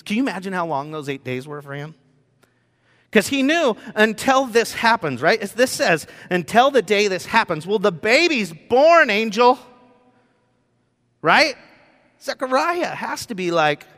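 A man pastor preaching a sermon in a room with whiteboards, telling the story in an animated way and acting out the scenes. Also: high voice. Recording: long reverb in a hall.

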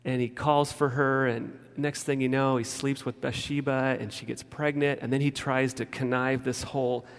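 Male pastor, gravelly voice, long church-hall echo, chatty sermon with restarts. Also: medium pitch, little pitch movement, normal speed, hardly any pauses. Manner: informal storytelling with frequent restarts. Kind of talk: conversational sermon. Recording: long reverb of a large hall.

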